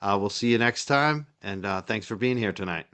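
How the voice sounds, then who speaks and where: Chatty North Shore Massachusetts host. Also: male voice, on the low side, normal speed, a bit bright, clean tone. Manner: chatty and rambling, with frequent "uh" fillers. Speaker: livestream host. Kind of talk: casual livestream chat.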